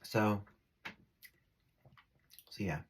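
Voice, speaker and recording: Speaking very slowly, with slight background noise, a spiritual vlogger addresses his phone camera. He drifts between subjects, giggles, and keeps starting his sentences over.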